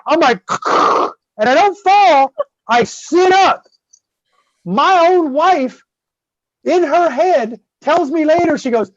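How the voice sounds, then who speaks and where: A man tells a story loosely and profanely. He gets louder and livelier at the big moments. The recording is dull and dry. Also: very high voice, expressive, takes it slowly, no room sound. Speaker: guest host. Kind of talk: casual storytelling.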